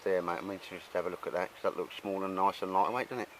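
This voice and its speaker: A man's voice: low voice, steady tone, fast talker, a little hiss or hum, poor audio. A man chatting casually and rambling at a woodland camp outdoors. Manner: chatty, rambling, laughs often. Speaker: host.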